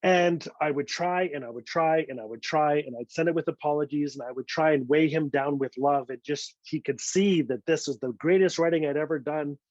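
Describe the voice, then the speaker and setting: Middle-aged male author, lively storyteller, slightly high voice, dry muffled recording. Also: brisk, hardly any pauses, dry recording. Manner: animated, acts out other people's voices in quotes. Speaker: invited author telling a story. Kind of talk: storytelling talk.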